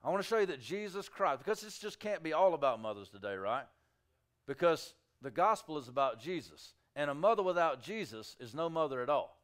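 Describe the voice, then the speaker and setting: Male pastor, slightly higher pitch, clear smooth voice; dynamic sermon delivery, shifts from hushed to loud. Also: lively intonation, a little fast. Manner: emphatic preaching with rising shouts and quiet drops. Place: church sanctuary.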